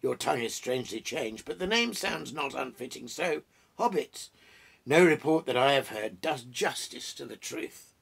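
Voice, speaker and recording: Stately older king, formal, gravelly, lively pitch, a man putting him on. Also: normal speed, full character voice. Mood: dignified. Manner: formal, dignified.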